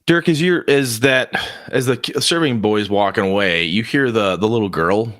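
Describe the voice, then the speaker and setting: A man narrating as game master of a tabletop game in an animated, storytelling manner. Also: fairly low pitch, normal speed, no room sound, clean studio sound.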